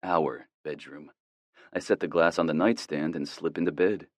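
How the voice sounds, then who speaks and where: Low-voiced male romance narrator. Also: steady tone, moderate pace, dry recording, clean studio sound. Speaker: audiobook narrator. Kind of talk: first-person romance narration.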